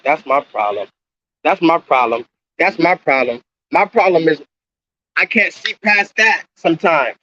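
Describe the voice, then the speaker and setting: A man's voice: fairly high pitch, lively intonation, moderate pace, pushed and bright, highs cut off, a little hiss or hum. A man livestreaming from his phone outdoors, ranting in an agitated, repetitive way and swearing often. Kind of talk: ranting live stream monologue. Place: outdoors near a coffee shop. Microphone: phone held at arm's length.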